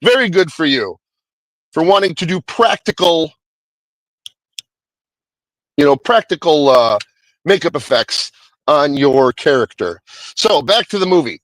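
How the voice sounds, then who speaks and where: Guy rambling thru a movie review, swears a lot, kinda high voice, slow. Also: expressive, a bit bright, no room sound, poor audio. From Hispanic American. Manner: rambling, profane, many restarts. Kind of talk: casual spoken review.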